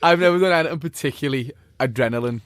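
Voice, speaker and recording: A man's voice: medium pitch, rapid-fire, no echo, studio quality. A man on a comedy podcast, chipping in with playful heckles and short quips. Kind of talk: casual comedy chat.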